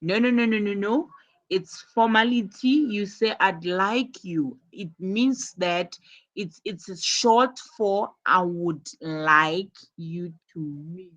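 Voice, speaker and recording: A woman's voice: medium pitch, slow pace, a bit bright, highs cut off. A woman teaching an English lesson, patiently modeling and repeating example phrases.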